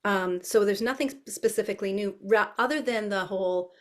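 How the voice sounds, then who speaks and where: A woman's voice: medium pitch, fairly quick. A woman dance educator answering interview questions, thinking aloud with frequent fillers and restarts. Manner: thoughtful, many fillers and restarts.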